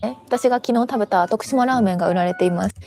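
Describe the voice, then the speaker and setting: A woman from Japan narrates a travel vlog at a very rapid clip, chatting and musing aloud to herself as she browses. Her voice sits at a middle pitch, with faint music playing underneath. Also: a little mellow. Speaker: travel vlogger.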